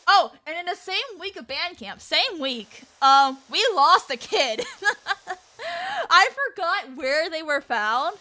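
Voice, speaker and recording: A young woman with a high, bright, sharp-edged voice chats casually as a streamer. She rambles through a story, leaning on fillers and the occasional curse word. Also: animated, unhurried, hardly any pauses. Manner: rambling and chatty, with frequent fillers and swearing. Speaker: VTuber streamer.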